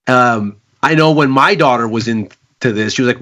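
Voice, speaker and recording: A middle-aged man co-hosting a market show, measured and explanatory. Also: mid-range voice, bright, forceful tone. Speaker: market analyst co-host. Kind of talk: casual chat and market analysis.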